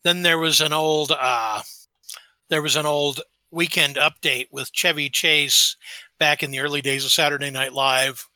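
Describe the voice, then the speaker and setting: Podcast guy with a bright slightly high voice, joking around, rambly stories. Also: fairly even intonation, a little slow, no room sound. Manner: jokey, tells rambling anecdotes. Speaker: podcast co-host. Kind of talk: casual chat.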